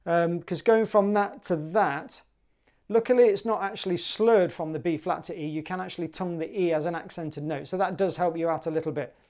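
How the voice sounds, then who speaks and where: Woman, clarinet teacher, upbeat, chatty, mellow dark tone. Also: fairly low pitch, fairly quick. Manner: upbeat, chatty, sings rhythms aloud. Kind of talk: music exam lesson.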